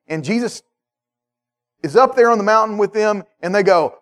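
A male preacher delivers a sermon in a lively, conversational style. He keeps checking in with his listeners. His voice sits high for a man. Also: moderate pace. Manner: animated, conversational, checks in with "okay?".

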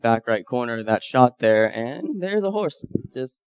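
A man with a mid-range, smooth voice speaks a little slowly while casually telling a group about a mission trip and sharing photos. He is animated and acts out the dialogue of the people he quotes.

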